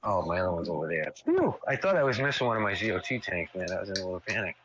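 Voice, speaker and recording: A chatty man with a very low, bright, forceful voice rambles through a casual stream conversation, swearing offhand. The audio is dull and lo-fi with a faint hiss behind him. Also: sing-song, rapid-fire.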